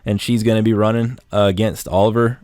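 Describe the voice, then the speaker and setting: A man co-hosting a podcast, recapping TV scenes in casual chat with quick acted-out bits of dialogue and easy swearing. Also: lowish voice, little pitch movement, a little mellow, no room sound, studio quality. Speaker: podcast co-host.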